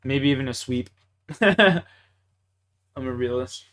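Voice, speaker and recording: Medium-pitched and slow-paced, this Canadian man curses freely while chatting casually over a game stream, telling excitable stories punctuated by laughs.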